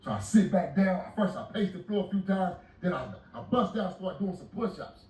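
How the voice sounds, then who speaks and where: A man in his late forties retelling prison stories loudly and profanely, shouting at times in an animated way. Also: sits high, a little fast. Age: 40s. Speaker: guest telling prison stories. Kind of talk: storytelling interview. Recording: roomy echo, distant mic, audible noise.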